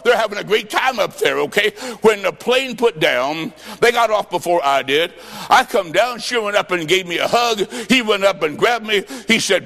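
A man preaching a sermon, telling a story with sudden shouts and sing-song phrases. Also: sits high, sing-song, normal speed, creaky. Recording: long reverb of a large hall.

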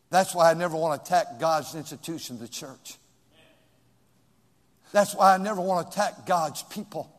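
A male pastor preaching a sermon in a church, swinging from shouts to hushed whispers. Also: sits high, in a large hall.

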